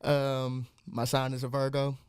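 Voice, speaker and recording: Smooth, even-toned man explaining things. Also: medium pitch, unhurried. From Texas, USA. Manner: steady, explanatory, says "or so" a lot. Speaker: musician guest. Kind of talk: casual interview chat.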